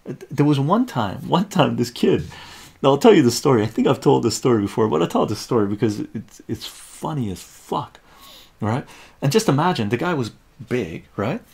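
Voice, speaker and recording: A man, telling a story on a live stream in a casual, profane, animated way, often tagging his lines with "right?". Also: medium pitch, moderate pace, creaky, slightly rough. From Iran.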